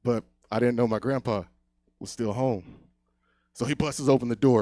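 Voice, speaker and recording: A young man doing a stand-up set on a comedy club stage, telling a long story, often dropping to a hush, then getting loud again. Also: mid-range voice, fast talker, no echo. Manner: loose storytelling, swings loud and quiet.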